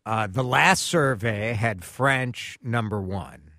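A man hosting a radio talk show, chatty and quick to laugh. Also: on the low side, dry recording, clean studio sound. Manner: lively, chatty, laughs easily.

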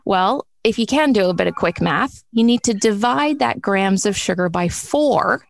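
A woman's voice: medium pitch, animated, normal speed, vocal fry, dry recording. A woman in her forties hosting a podcast about food, chatting casually and laughing often. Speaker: host.

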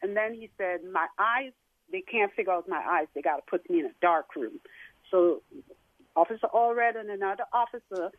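A middle-aged woman calling in to a talk show, telling a personal story in an emotional, halting way. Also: medium pitch, dry recording. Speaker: guest caller. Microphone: phone. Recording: tinny phone line.

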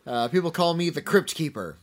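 A man co-hosting a casual film podcast, dry and jokey, halting with fillers and restarts. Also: a little high, expressive, background noise. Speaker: podcast co-host, film critic.

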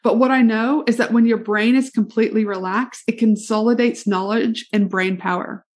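Upbeat woman podcast host, fairly high voice. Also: fairly even intonation, normal speed, a little mellow. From Canada. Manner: upbeat, enthusiastic, addresses listener directly. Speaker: podcast host, business coach. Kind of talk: solo podcast monologue.

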